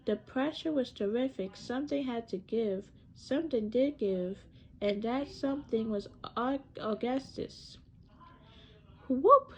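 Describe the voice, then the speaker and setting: A woman reading a children's novel aloud, slowly and haltingly, often stumbling and restarting her words. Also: fairly high pitch, dark tone, rough recording. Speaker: reader.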